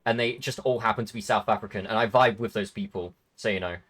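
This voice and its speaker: Excitable swearing English man. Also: fairly low pitch, quick pace, slightly rough. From Britain. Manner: excitable, swears a lot, laughs often. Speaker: streamer host. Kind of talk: casual interview chat.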